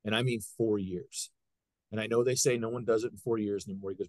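Middle-aged man, animated storyteller, dry sound. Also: lowish voice, quick pace, no room sound. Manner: animated storyteller, frequent restarts. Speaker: guest, high school wrestling coach. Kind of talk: casual interview storytelling.

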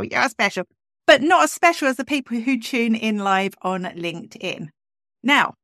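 A woman's voice: mid-range voice, fairly bright tone, no echo, clean studio sound. A woman co-hosting a podcast in a chatty, upbeat way that often breaks into laughter. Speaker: podcast co-host. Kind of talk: casual chat.

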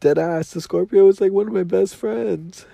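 In a casual podcast monologue, a male host sounds nasal and teary from crying while speaking profanely, dramatically and emotionally. The voice is high, gravelly and mellow at a normal speed, recorded without echo.

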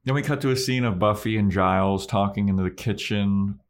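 Man with a lowish voice recapping a show. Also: normal speed. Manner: animated storyteller. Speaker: podcast host. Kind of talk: casual chat recapping a show.

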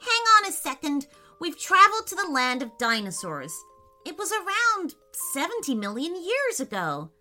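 Casting: woman putting on a high, eager little boy for a storybook, lively and animated. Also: normal speed, soft background music, full character voice. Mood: excited. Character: excitable young boy who knows dinosaurs.

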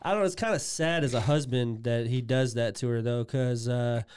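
A man's voice: mid-range voice, normal speed, a little mellow, clean tone. A man co-hosting a podcast, chatting casually and rambling as he searches for words. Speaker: podcast co-host. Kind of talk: casual chat.

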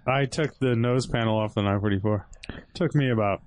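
A man's voice: lowish voice, a little fast, a little mellow, dry recording. Man rambling through a garage story. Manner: rambling hands-on storytelling with fillers. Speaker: podcast co-host. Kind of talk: casual chat.

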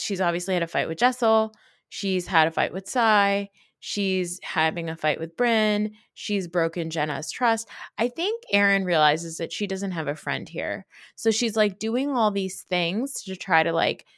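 Young adult woman, podcast host, lowish voice, blunt profane rant, dry close sound. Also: no echo. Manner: blunt, profane, animated ranting with frequent "like". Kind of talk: casual recap commentary.

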